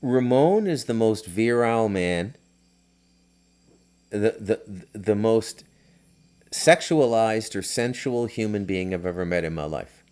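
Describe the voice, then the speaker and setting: A man's voice: on the low side, expressive, slow pace, darkish tone. A middle-aged man hosting a podcast, telling loose, rambling stories with lots of fillers and restarts. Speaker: podcast host. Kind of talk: casual storytelling.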